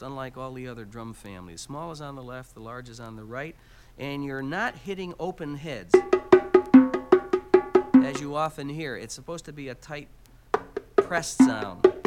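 A man teaching Latin percussion, explaining each instrument step by step and counting out beats aloud. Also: mid-range voice. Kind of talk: instructional demonstration. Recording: loud background noise.

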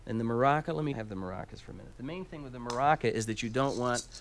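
A man teaches Latin percussion, walking through each instrument step by step and counting beats out loud. He races along in a mid-range voice over loud background noise.

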